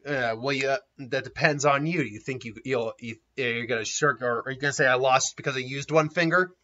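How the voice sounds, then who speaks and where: A man voicing a drunk, arrogant woman ninja, with a gruff, taunting delivery in a dull lo-fi recording. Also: mid-range voice, a little fast, sharp tone, lightly acted.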